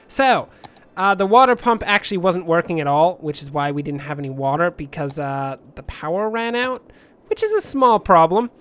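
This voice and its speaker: A man giving rambling, jokey commentary over a city-building game, with sudden shouted outbursts. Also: high voice. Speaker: let's play host.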